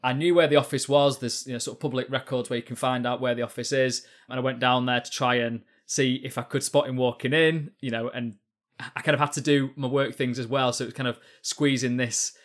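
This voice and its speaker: A male journalist talks casually on a podcast, speaking at a middle pitch. He keeps hedging and stumbling, filling his story with ums and sort-ofs. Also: steady tone, brisk. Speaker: journalist guest.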